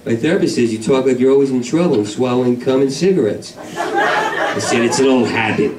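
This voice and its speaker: Manic New York stand-up comic. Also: male voice, mid-range voice, expressive, fairly quick, a crowd in the background. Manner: manic, rambling, swings between yelling and mumbling. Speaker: stand-up comedian. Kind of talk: stand-up routine. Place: comedy club main room. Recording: roomy club sound from a far mic, audience laughter.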